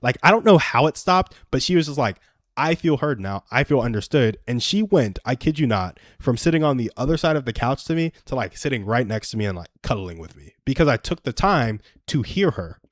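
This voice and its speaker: A man's voice: medium pitch, very animated, fairly quick, few pauses, dry recording, studio quality. A young adult man hosting a live stream, giving earnest, self-deprecating advice through personal stories in a casual chat.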